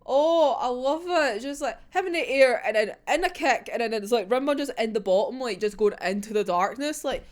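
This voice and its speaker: Young woman fangirling over manga pages, swears a lot, giggles, high voice that jumps all over. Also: animated, normal speed. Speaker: manga reviewer. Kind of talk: casual fan commentary.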